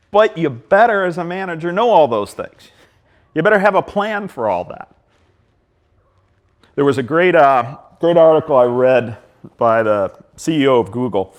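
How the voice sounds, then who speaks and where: Animated, plain-spoken man giving a talk. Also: fairly high pitch, normal speed. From Ohio. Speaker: park system director giving a leadership talk. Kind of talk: speaking to a live audience.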